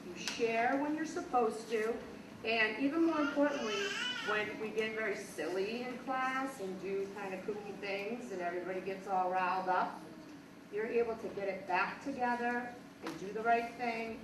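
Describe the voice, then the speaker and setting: A woman's voice: mid-range voice, normal speed. A woman teacher praising young students one by one at a school assembly. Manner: warm praising, addressing young children. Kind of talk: award presentation at a school assembly. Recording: echoey hall, distant mic, crowd noise.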